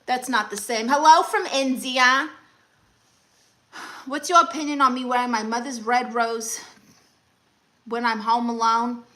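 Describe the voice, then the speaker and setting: A woman's voice: on the high side, fairly even intonation, unhurried, pauses often, sharp tone. A young woman comedian hosting a live stream, reading comments and handing out blunt, sassy advice.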